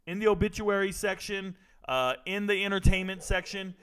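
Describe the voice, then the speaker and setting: A man's voice: sits high, fairly even intonation, normal speed, fairly bright tone, smooth, low-quality recording. A middle-aged man hosting a casual commentary vlog, brash and joking as he talks straight to his viewers. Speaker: sports and trends commentator.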